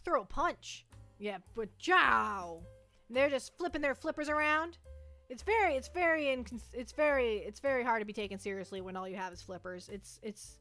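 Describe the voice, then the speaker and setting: A high-pitched young woman with a bright, sharp tone chats on a livestream. She rambles playfully, tripping over restarts, with faint music under her voice. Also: normal speed. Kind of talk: casual livestream chat.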